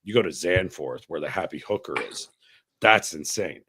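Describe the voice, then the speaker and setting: A man telling stories on a casual podcast, his voice sitting a little low. He swears freely and tells it with animated energy, acting out the people in the story as he goes. It is loose, unfiltered chat among friends. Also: moderate pace, a little hiss or hum. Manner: profane, animated storyteller, acts out quoted voices. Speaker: podcast co-host.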